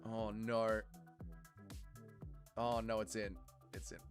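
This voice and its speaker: A man hosting a live fight watch-along stream, talking casually with chat and yelling profane instructions at the fighters. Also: fairly low pitch, slow pace, soft background music. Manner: excitable, profane, yells at the fighters. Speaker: livestream host.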